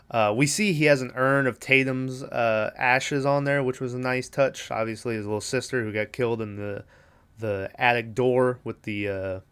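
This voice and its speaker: Male podcast host, mid-pitched and smooth, chatty plot recap with casual profanity. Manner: casual, profane, retells scenes with quoted lines.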